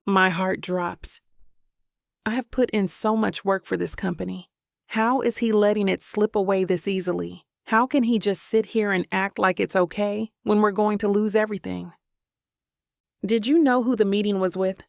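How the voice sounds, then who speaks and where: A woman's voice: medium pitch, steady tone, moderate pace, gravelly, no echo, clean studio sound. A woman narrating a first-person romance audiobook, reading dramatically. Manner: dramatic, voices characters' lines with emotion.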